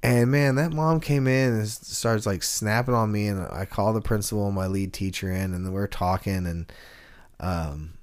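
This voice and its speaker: A man with a lowish voice tells stories on a relaxed podcast. His delivery is animated and loose, peppered with "like." He sounds chatty and unscripted. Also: normal speed. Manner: animated storyteller, heavy use of "like". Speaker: podcast co-host. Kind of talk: casual storytelling chat.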